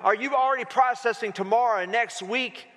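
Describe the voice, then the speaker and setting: A man with a high, bright voice preaches to his church in a loose, conversational way. He jokes and calls on the congregation to answer back. His voice rings with a long hall reverb. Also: fairly quick. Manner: conversational, playful preaching with call-and-response. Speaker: pastor. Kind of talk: sermon. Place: church sanctuary.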